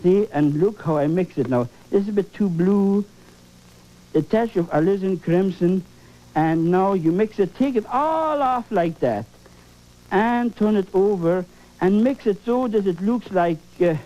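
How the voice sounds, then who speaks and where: A man's voice: sits high, animated, a little slow, dark tone, highs cut off. A man leading a televised painting lesson, exclaiming and coaxing, repeating phrases for emphasis. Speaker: painting instructor.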